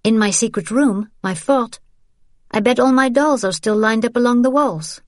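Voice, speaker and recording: A woman voicing a defiant nineteen-year-old daughter who argues forcefully with her father. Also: fairly high pitch, normal speed, dry recording, studio quality, voice pushed up, close to an everyday voice. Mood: pleading. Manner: forceful, insistent, pressing.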